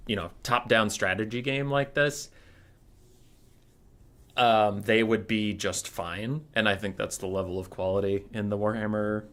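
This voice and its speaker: Young guy casting strategy games, bright crisp voice, rambly and swears a lot. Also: on the low side. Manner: rambling, joking, swears freely. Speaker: tournament caster. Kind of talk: casual game commentary.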